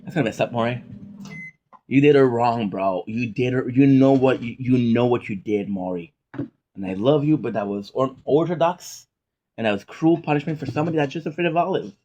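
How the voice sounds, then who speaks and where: A man's voice: medium pitch, fairly quick, mellow, dull audio. A man vlogging in a casual, rambling, jokey way, acting out little imagined dialogues while eating a croissant and humming through bites.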